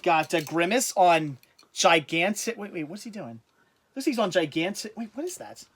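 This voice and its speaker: Rambling, high-voiced livestream host. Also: male voice, lively intonation, normal speed, a bit bright, breathy edge. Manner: rambling, trails off and restarts, laughs easily. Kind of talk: casual livestream chat.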